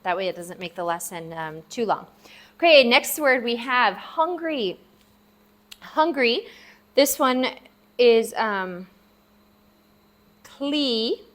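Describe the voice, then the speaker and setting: A woman's voice: on the high side, expressive, takes it slowly, long pauses, fairly bright tone. A woman teaching a language lesson, patiently sounding out each syllable several times while writing words out. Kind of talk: casual spoken lesson. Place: at a table, writing for the viewer.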